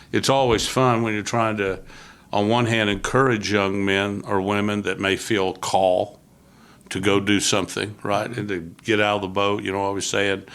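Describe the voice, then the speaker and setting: A man's voice: fairly low pitch, vocal fry, fairly bright tone. An older man from Florida, a youth ministry leader, giving an earnest, conversational testimony as a podcast guest and acting out the voices he quotes.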